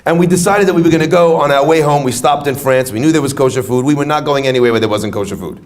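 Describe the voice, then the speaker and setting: A man's voice: a little high, fast. A man giving an inspirational talk to an audience, telling stories and joking with the crowd. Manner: animated storyteller, jokes with the crowd. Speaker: speaker at a retreat.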